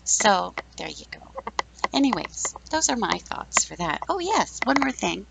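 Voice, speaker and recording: A woman's voice: mid-range voice, very animated, unhurried, gravelly, very noisy. A woman in her fifties hosting a podcast, giving blunt, sarcastic opinions in a casual, chatty monologue. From Canada. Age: 50s. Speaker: podcast host.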